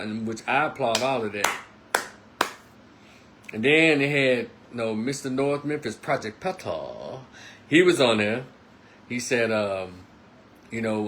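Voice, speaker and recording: Speaking at a moderate pace in a mid-range voice, a male commentator spins a casual, animated story, performing the lines of its characters himself. A bit of background noise can be heard.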